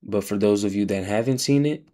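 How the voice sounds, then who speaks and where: A man's voice: lowish voice, fairly quick, dark tone. A man livestreaming, chatting in a laid-back, slangy way about being tired. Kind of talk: casual livestream chat.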